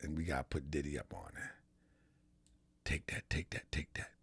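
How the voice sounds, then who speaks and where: A man's voice: very deep voice, animated, moderate pace, gravelly, a bit bright, slightly rough, no echo. A man hosting a live stream in a casual, repetitive style, talking straight to his chat. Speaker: live-stream show host.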